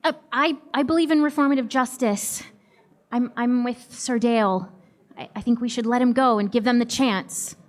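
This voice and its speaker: A woman's voice: fairly high pitch, fairly even intonation, normal speed. A woman playing in a live tabletop game, speaking earnestly.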